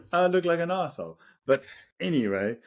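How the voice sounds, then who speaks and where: A South African man in his thirties, a podcast co-host telling a story casually, laughing often as he goes. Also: on the high side. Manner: animated, laughs through the story.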